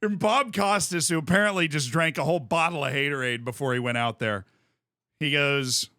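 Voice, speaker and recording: Bright-voiced, animated male streamer. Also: on the high side, brisk, dry recording, clean studio sound. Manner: animated storyteller who laughs often. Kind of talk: casual chat on a live stream.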